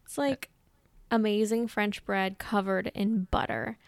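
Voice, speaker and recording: A woman hosting a podcast in casual chat, tired but cheerful, chatty and quick to laugh. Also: medium pitch, steady tone, no room sound. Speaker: podcast host.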